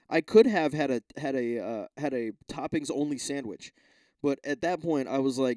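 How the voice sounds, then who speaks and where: A man's voice: mid-range voice, normal speed, warm tone, no room sound, studio quality. A man hosting a podcast alone, rambling casually with lots of swearing, restarts and asides. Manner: rambling, profane, self-interrupting. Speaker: podcast host. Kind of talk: casual solo rant.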